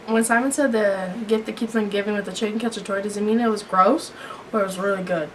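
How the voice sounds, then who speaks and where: A woman's voice: mid-range voice, fast talker. A woman co-hosting a casual fan review video, chatting and giggling as she tells stories. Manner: giggly, animated storytelling. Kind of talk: casual chat. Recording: distant mic with clear background noise.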